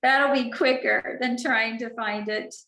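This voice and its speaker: A middle-aged woman earnestly telling a personal story as a guest, halting and restarting her sentences. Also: a little high, steady tone, sharp tone. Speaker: guest speaker. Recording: roomy echo.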